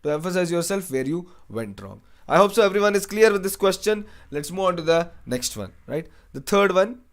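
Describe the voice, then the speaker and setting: A man's voice: high voice, sing-song, brisk. A young man teaching an online exam-prep lecture, repeating phrases and asking "right?" after most lines, with Hindi asides. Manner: mixes English with Hindi asides. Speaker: educator.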